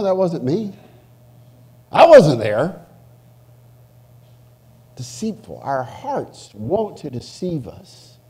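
A pastor preaching a sermon in church, animated, swinging from loud emphasis to hushed asides. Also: male voice, a little high. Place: church sanctuary.

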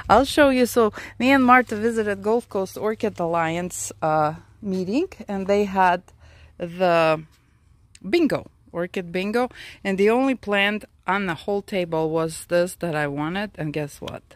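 A woman's voice: medium pitch, a little slow, no echo. A woman hosting a casual garden tour vlog, chatty and out of breath from the heat, talking to her plants and her viewers. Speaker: orchid grower and channel host. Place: outdoor orchid garden.

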